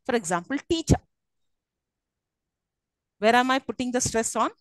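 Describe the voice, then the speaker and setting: Female lecturer, Indian English accent, higher voice, dry close sound, patient classroom teacher. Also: fast talker, no room sound. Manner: explains with frequent checks to students, encouraging.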